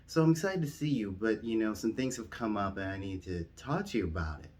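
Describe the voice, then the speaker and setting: A man voicing an elderly queen of England who is a haughty, gushing fan, in a high falsetto. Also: expressive, a little fast, darkish tone, natural voice. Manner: high falsetto, prim and chatty.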